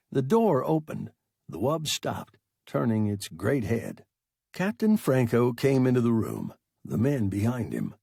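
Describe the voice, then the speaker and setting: A man reading a science fiction story aloud as narrator, slow and deliberate. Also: mid-range voice, huge pitch swings, gravelly, dark tone, breathy edge, dry recording, clean studio sound. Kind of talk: audiobook narration.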